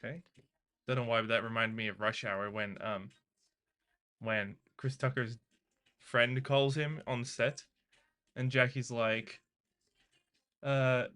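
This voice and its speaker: A man's voice: mid-range voice, fairly even intonation, slow, pauses often, a bit bright, smooth. A man live streaming his coding practice, chatting casually with viewers and reading their messages aloud. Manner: chatty, laughing, talks to viewers and reads their chat aloud. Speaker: live streamer learning to code.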